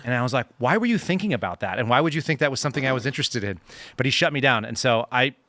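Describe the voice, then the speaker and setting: Fast-talking bright-voiced man telling stories. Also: mid-range voice, dry recording. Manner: animated anecdote teller, acts out dialogue. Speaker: guest, former FBI agent. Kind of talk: casual panel chat, storytelling.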